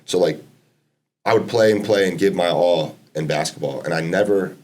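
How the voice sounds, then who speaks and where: A man's voice: sits low, normal speed, darkish tone. A young man, a college basketball player chatting casually on a podcast, laid-back, swearing freely and laughing often. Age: 20s.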